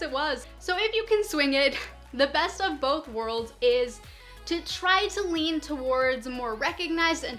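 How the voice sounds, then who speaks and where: High, bright-voiced playful woman. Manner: playful, animated, laughs at her own jokes. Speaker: writing advice vlogger. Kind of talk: upbeat educational vlog.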